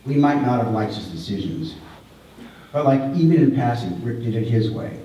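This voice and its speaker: A middle-aged man delivering a heartfelt eulogy at a memorial service, halting and repeating words as he speaks with feeling. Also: mid-range voice, animated, warm tone, dull audio. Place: large hall at a memorial service. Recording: echoey hall, voice far from the mic.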